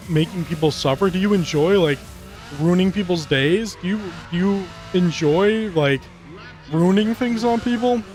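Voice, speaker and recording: A man with a somewhat high voice rants and rambles while commenting on a racing game, swearing freely and jumping from topic to topic. Faint game music plays under his talk. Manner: profane, rambling, animated rants. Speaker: gaming commentator. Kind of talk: gameplay commentary, ranting. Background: game music and car engines.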